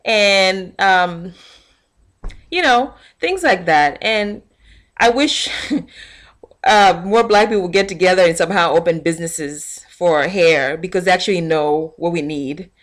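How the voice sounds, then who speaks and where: A young woman vlogger telling a casual, animated rant to her camera and acting out what people said. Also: lowish voice, a little slow. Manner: animated storytelling, acting out quotes.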